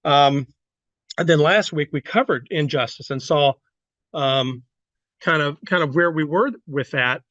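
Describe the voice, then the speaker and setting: A man's voice: a little high, a little slow, fairly bright tone, no room sound, muffled recording. A man teaching a Bible lesson to a class in a church room, talking loosely and asking the group questions. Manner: conversational, asks the class questions, many restarts.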